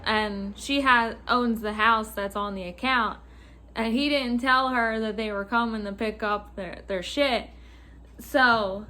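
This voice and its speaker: A young woman telling a casual storytime rant about work, swearing freely, laughing and acting out customers in loud voices. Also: fairly high pitch. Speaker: vlogger.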